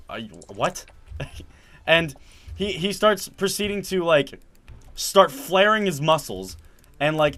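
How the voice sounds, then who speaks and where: A young man telling a story in casual chat, acting out the quotes loudly and animatedly. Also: fairly high pitch.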